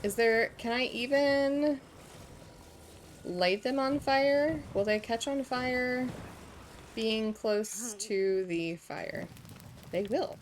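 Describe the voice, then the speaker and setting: A woman streams a video game, musing aloud to herself and her viewers and reading the game's lines out loud in a casual, chatty way. Her voice is on the high side, very slow, with long pauses. Faint game music plays behind, along with a little hiss or hum.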